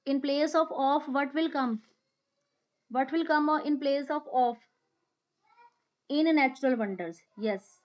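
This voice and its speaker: A woman with an Indian English accent and a high voice teaches grammar online. She reads each sentence slowly, putting stress on words, and praises her students by name. The recording sounds dull and lo-fi.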